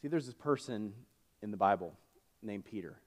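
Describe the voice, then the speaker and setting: A man's voice: fairly low pitch, expressive, normal speed. Guy pastor preaching in church, chatty storytelling, lots of uh and restarts. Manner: conversational storytelling with fillers and self-corrections. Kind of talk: sermon.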